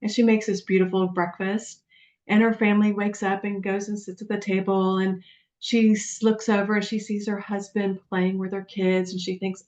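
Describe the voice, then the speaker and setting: A woman coach telling client stories on a webinar, animated and acting out the voices of the people she quotes. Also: medium pitch, normal speed. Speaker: guest coach. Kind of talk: storytelling on a webinar. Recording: dull, lo-fi webinar audio.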